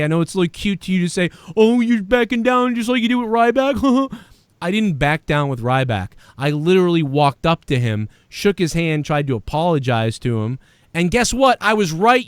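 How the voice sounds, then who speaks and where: A man with a high, fairly bright voice hosts a show and reads viewer donations in a casual livestream rant. He mocks a critic sarcastically with profane, combative insults, and there's no echo.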